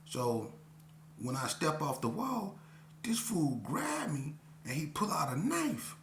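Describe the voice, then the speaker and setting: A man's voice: on the high side, big pitch swings, slow pace, fairly bright tone. A man telling a personal story in a casual, slangy way, often saying "you know what I'm saying". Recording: roomy echo, faint hum.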